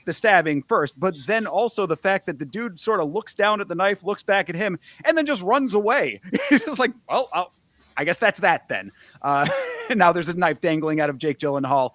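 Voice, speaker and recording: A man's voice: sits high, big pitch swings, brisk, fairly bright tone, dry recording. Man, casual film review chat, wry, sarcastic, laughing, dry close recording. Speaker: podcast co-host.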